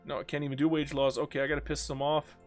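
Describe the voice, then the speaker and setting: A man's voice: on the high side, level tone, fast talker, soft background music. Weary young man streaming a strategy game. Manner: talks to himself and the game, groaning and joking. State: worn out after many hours of play. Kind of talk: live-streamed strategy gameplay commentary.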